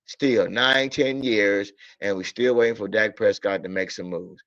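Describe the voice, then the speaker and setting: A man's voice: on the low side, a little slow, a bit bright, no room sound. A man ranting about football in a casual stream, blunt and profane, repeating himself in exasperation. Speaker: sports talk streamer. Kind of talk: casual sports rant. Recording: dull lo-fi audio.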